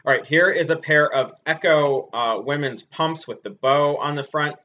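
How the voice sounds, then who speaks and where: A man casually reviewing clothes and shoes he has sold, in a chatty, relaxed way with many ums and uhs. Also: a little high, moderate pace. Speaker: clothing reseller. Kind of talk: casual product review vlog. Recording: dull lo-fi sound.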